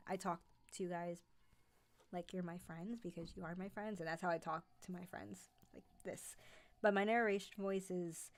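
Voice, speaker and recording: A woman's voice: medium pitch, bright, forceful tone. A woman with a light New York accent, chatting casually with viewers on a livestream, with many "like" and "um" fillers. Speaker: host of a horror narration channel.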